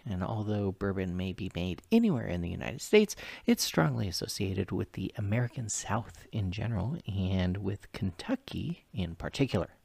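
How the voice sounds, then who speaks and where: Gravelly, lively male podcast host. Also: on the low side, dry recording. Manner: chatty, with joking asides. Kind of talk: casual chat.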